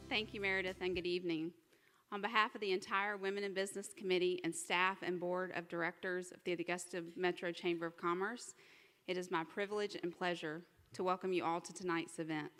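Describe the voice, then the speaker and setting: A woman with a fairly low voice delivers a formal welcome speech at a measured pace. Her words carry through a large hall with a long reverb. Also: little pitch movement, a bit bright, faint music behind. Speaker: committee chair giving a welcome.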